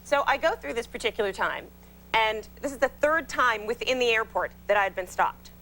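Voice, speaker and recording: Bright, animated woman telling comic stories. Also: fairly high pitch, brisk, slight background noise, rough recording. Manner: animated, self-mocking, acts out scenes. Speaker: talk show guest. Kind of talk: comic storytelling. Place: television studio.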